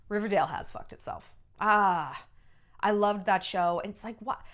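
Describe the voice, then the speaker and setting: A woman and former entertainment journalist giving a blunt, animated gossip monologue, often slipping into mocking voices. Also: mid-range voice, a little fast. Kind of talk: casual celebrity gossip monologue.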